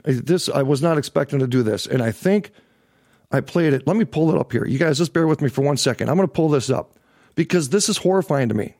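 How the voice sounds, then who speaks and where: A fired-up middle-aged man hosts his own livestream and rants with heat. He swears freely and hammers his points by saying them again. His voice sits a little high for a man and sounds close and dry, with no room echo. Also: a little mellow. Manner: heated, profane, repeats himself for emphasis. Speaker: host of a livestream political show. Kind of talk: angry livestream political rant.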